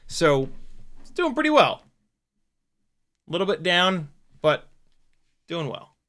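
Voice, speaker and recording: A man vlogging as he flies a small drone, talking to himself in casual commentary with quick exclamations and the odd swear word. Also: on the high side, very animated, fairly bright tone. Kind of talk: casual commentary while flying.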